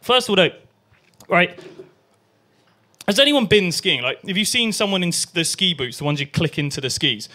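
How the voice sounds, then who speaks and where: A man's voice: high-pitched, lively intonation, moderate pace, pushed and bright. A young man performing a crude stand-up set at an open mic night, acting out voices and sounds. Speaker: stand-up comedian.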